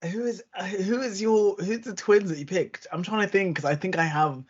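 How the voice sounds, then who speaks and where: A young adult podcast co-host telling stories in an animated, casual way, acting out quotes and using lots of fillers. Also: medium pitch, husky. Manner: animated storytelling, quick acted-out quotes, many fillers. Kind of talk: casual chat. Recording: dull lo-fi recording.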